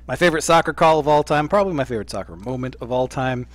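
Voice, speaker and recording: A man hosting a live sports chat show, animated and jokey, fond of mimicking lines. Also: medium pitch, racing. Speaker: podcast host. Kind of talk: casual chat.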